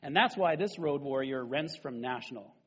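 A man playing a smug, studly businessman from a commercial, boasting in a self-satisfied deadpan way. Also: mid-range voice, normal speed, husky, dull audio.

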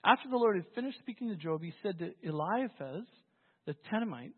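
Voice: medium pitch, animated, fairly quick, breathy edge. A pastor preaching a sermon in a conversational, storytelling way, often restarting phrases. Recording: phone-like, with long hall reverb.

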